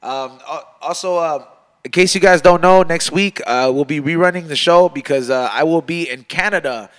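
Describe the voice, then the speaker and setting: A man hosting a podcast in casual chat, talking in fast, profane, slangy street talk that drops into Spanish. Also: a little high, fairly bright tone, smooth. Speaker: podcast host.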